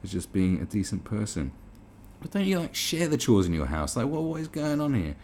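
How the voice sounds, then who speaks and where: British guy ranting in disbelief, lots of swearing, low gravelly voice, slight hiss under it. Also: very animated, a little fast, darkish tone. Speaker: commentary host. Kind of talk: reaction commentary.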